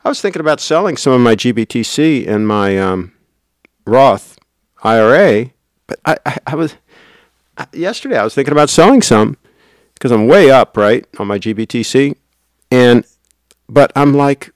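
A man's voice: mid-range voice, very animated, moderate pace, dry recording, clean studio sound. A man hosting a casual livestream, rambling and reading out viewer comments. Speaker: livestream host.

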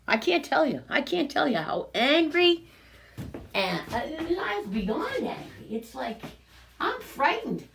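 A woman's voice: sits high, wildly swooping pitch, takes it slowly, vocal fry, fairly bright tone, breathy edge. A woman filming herself and talking to unseen doubters in an agitated, sarcastic way, dropping to whispers and then rising to angry outbursts. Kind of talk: rambling self-recorded monologue.

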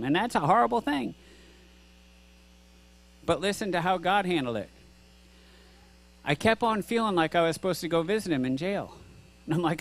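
A man's voice: a little high, fairly quick, long pauses. A middle-aged male pastor giving an earnest, conversational sermon, asking rhetorical questions and acting out both sides of a dialogue. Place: church sanctuary.

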